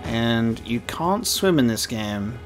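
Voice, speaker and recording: This gaming streamer speaks slowly, with a medium-pitched voice and lively intonation, over music. Playing a video game for the very first time, he chats playfully through his let's-play commentary and drops in laughing asides.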